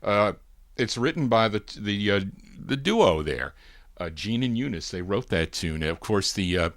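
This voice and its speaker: A man's voice: lowish voice, animated, a little slow, no echo, clean studio sound. A man hosting a live radio show, chatting casually about old records and rambling with fillers and self-corrections.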